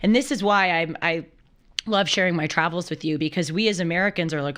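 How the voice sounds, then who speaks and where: Animated woman host telling a travel story. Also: mid-range voice, brisk. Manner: animated storyteller who acts out quoted voices. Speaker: show host. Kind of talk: casual chat.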